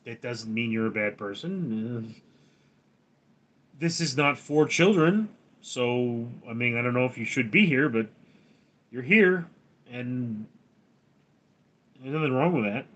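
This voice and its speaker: A man's voice: mid-range voice, animated, slow pace, pauses often, a bit bright. A man hosting a livestream, reading viewers' names and questions aloud and answering them with jokes. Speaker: livestream host. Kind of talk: casual livestream chat reading.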